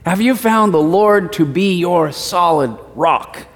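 A man's voice: high voice, animated, takes it slowly. Preacher man in a reverberant hall. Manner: asks the congregation questions, acts out short dialogues. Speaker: pastor. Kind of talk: sermon.

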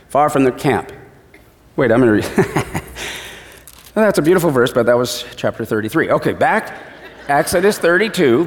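A man preaching a sermon as pastor, telling stories and acting out the voices he quotes with lively energy. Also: on the high side, in a large hall.

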